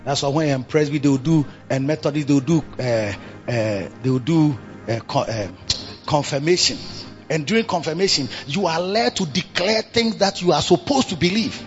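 A man preaching a sermon. He repeats himself and swings between low murmurs and loud bursts of emphasis. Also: moderate pace, muffled recording, soft background music.

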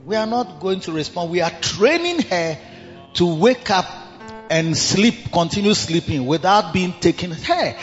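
An older man with a Ghanaian accent preaching a sermon in an animated way, bursting into shouts and slipping in local phrases. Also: sits high, a little slow. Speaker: pastor. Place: large cathedral hall. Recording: dull reverberant hall with music.

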